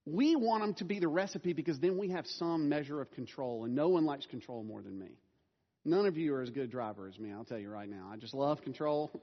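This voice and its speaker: A man's voice: a little high, animated, brisk. A middle-aged man preaching a sermon as a pastor, casual and self-deprecating, laughing now and then. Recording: dull sound with long hall reverb.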